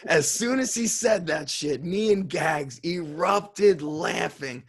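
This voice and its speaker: A man who is a strength coach telling a story on an interview in an excitable way, swearing and laughing as he goes. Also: fairly high pitch, slow pace, hardly any pauses, breathy edge. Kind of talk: animated storytelling.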